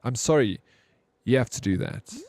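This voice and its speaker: A man's voice: medium pitch, expressive, moderate pace, darkish tone, no echo, lightly acted. A man voicing a timid young woman customer who is hesitant and keeps apologizing. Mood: flustered.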